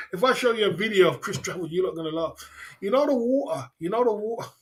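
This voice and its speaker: Laughing, rambling livestream host. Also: male voice, high-pitched, expressive, fairly quick. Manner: rambling, laughs often, slangy. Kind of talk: casual livestream chat.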